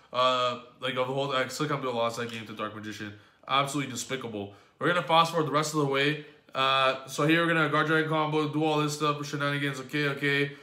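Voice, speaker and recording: A man with a bright, forceful voice that sits a little high for a man talks through his card game matches. He rambles, curses and sounds exasperated at his own losses. The sound bounces around an echoey room. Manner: exasperated, profane, rambling play-by-play. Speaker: YouTube gaming host. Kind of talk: card game commentary recap.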